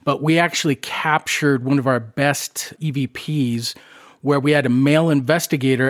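A man co-hosting a paranormal podcast, chatting eagerly and casually with a guest. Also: a little high. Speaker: podcast co-host, paranormal investigator. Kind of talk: casual interview chat.

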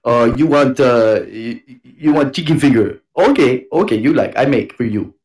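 Guy doing a loud choppy restaurant worker voice, kinda high, all "uh" and broken phrases. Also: sing-song, exaggerated voice. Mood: pushy. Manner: broken, halting phrases full of "uh". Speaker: podcast co-host.

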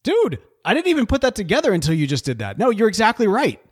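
Animated, jokey male podcast host. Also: sits high, fast talker, breathy edge, no echo, clean studio sound. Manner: animated, jokey, trails into laughs. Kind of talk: casual chat.

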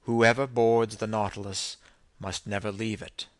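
A man's voice: on the low side, level tone, measured pace, no room sound, lightly acted. A man voicing a proud sea captain who speaks in a stern, curt and sarcastic way in an audiobook.

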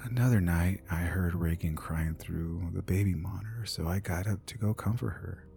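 Deep gravelly male horror narrator. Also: moderate pace, soft background music. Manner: hushed, half-whispered delivery.

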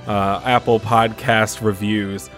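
A man's voice: lowish voice, level tone, takes it slowly, fairly bright tone, faint music behind. A man co-hosting a podcast in casual chat, playful and self-mocking, rambling through jokes. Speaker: podcast co-host.

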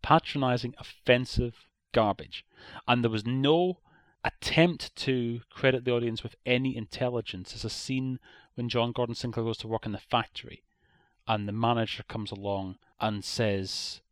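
A man's voice: mid-range voice, fairly even intonation, moderate pace, no room sound. An Irish man co-hosting a podcast, giving a blunt, opinionated critique in a casual chat. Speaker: podcast co-host.

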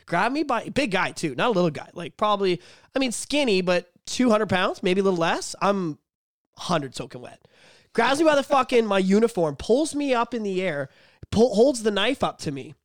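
A young man with a high-pitched voice co-hosts a podcast, telling profane stories at a moderate pace in casual chat. He animates his storytelling by acting out the voices of the people involved. The recording is dry, with clean studio sound.

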